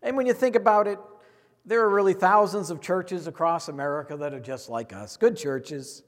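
A man preaching an earnest sermon as the pastor of a church, in a steady, repetitive cadence. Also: high-pitched, normal speed. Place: church sanctuary. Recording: long hall reverb.

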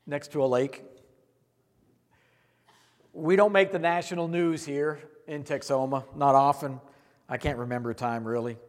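High-voiced guy preaching a sermon, earnest and repetitive, long church echo. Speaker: pastor. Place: church sanctuary. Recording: long hall reverb.

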